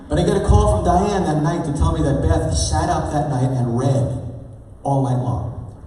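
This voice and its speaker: Male keynote storyteller, mellow tone, far from the mic, roomy hall. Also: a little high. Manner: animated, chatty, asks the audience questions. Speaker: motivational speaker. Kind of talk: storytelling keynote to a live audience. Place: large hall.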